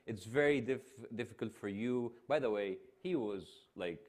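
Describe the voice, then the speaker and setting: A man's voice: fairly low pitch, a little mellow. A man with an Egyptian accent, a native Arabic speaker, interviewing a guest on stage and often restarting his sentences. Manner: halting, many restarts and fillers. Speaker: television host and interviewer.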